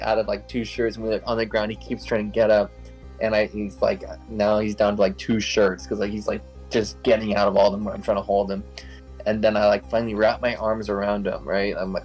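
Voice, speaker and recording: A man's voice: lowish voice, little pitch movement, fairly quick, a little mellow, soft background music, poor audio. A young man casually telling a wild story as an interview guest, rambling with lots of "like" fillers, swearing and laughing as he goes.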